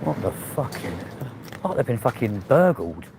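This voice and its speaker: A man's voice: mid-range voice, sing-song, unhurried, vocal fry, background noise. A young man presenting a casual vlog, filming on a handheld phone as he drives and walks through a supermarket, blunt, sweary and muttering asides. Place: car, then a large indoor supermarket. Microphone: handheld phone while filming.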